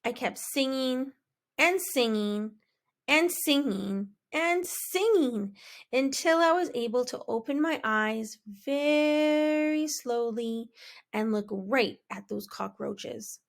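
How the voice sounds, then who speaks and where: A woman reading a children's picture book aloud in a slow, expressive, dramatic way. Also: high voice, gravelly. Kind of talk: storybook read-aloud.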